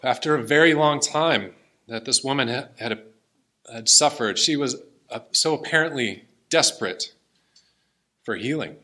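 Man, preacher, earnest sermon, bright clear tone, medium pitch. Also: a little slow. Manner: earnest, emotional, tearing up at times. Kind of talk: sermon with scripture reading.

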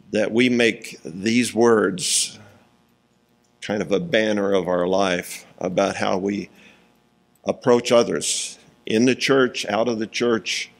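A man preaching a sermon, reading scripture slowly and deliberately, pausing for emphasis and chuckling between points. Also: on the low side, gravelly.

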